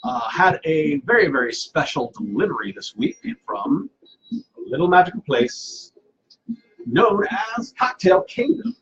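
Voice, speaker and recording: A man's voice: on the high side, very animated, measured pace, lo-fi sound. A man hosting a casual live cocktail stream from home, playful and self-mocking, rambling with fillers. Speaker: cocktail show host.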